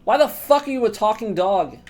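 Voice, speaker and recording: A woman's voice: mid-range voice, expressive, fairly quick, mellow, natural voice. A woman voicing a surly, crude male warrior who swears bluntly. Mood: gruff. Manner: blunt, profane.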